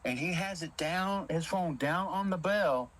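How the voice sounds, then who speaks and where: Amid a noisy crowd and poor audio, a caller with a higher voice describes a spooky encounter at a measured pace. He tells it casually and animatedly with a Southern inflection, voicing other people's words as dialogue.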